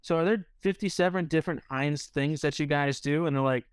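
A man's voice: on the high side, a little fast, smooth, dry recording. A man in his thirties from New Hampshire, a guest telling a story casually and peppering it with "like". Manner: rambling, filler-heavy with frequent "like". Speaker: restaurant owner guest.

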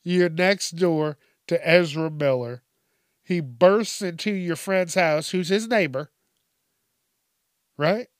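Guy ranting over headlines, cussing nonstop, slow drawl, dry close mic. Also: a little high, dry recording. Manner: swears constantly, laughs at his own stories. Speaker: news commentary host. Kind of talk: profane casual news commentary.

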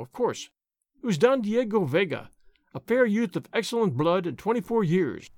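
A man narrating an audiobook in an expressive, dramatic storytelling way. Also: sits high, no room sound, studio quality. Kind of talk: audiobook reading.

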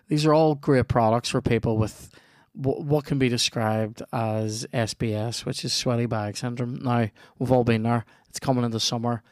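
Sweary Northern Irish podcast host. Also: male voice, mid-range voice, darkish tone, no echo, studio quality. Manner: sweary, joking, laughs often. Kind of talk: casual podcast chat and ad read.

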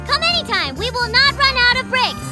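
A performer voicing a manic, unhinged child pitchman in a cartoon commercial, rambling in hyped sales patter. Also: big pitch swings, fairly quick, loud music behind the voice. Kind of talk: cartoon voice acting.

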